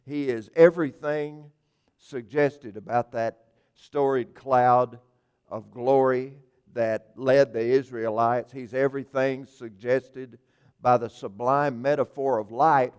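A man's voice: medium pitch, steady tone, a little slow, darkish tone, clean tone. Male preacher, evening church sermon, earnest, emphatic, repeats himself. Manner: occasional restarts and filler words.

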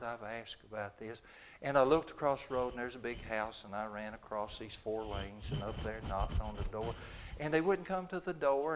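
An older man, preaching a sermon in a chatty, folksy storytelling way, acting out the dialogue. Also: mid-range voice.

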